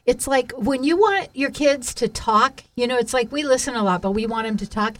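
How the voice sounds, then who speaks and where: A woman's voice: fairly high pitch, moderate pace. A middle-aged woman, a life coach, giving encouraging advice in a casual podcast chat.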